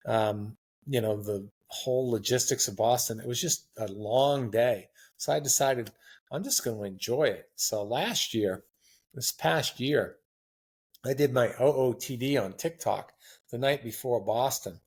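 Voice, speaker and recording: A man in his sixties chatting as a podcast guest, telling long rambling stories in a relaxed, anecdotal way. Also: medium pitch, measured pace, husky. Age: 60s. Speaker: guest marathon runner. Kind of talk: casual interview chat.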